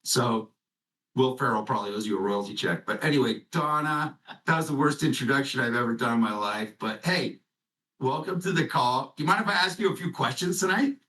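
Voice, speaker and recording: A man's voice: mid-range voice, a little fast, sharp tone. Guy hosting a company call, chatty and jokey, kinda far from the mic. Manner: rambling, joking storyteller. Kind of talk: casual conference call chat.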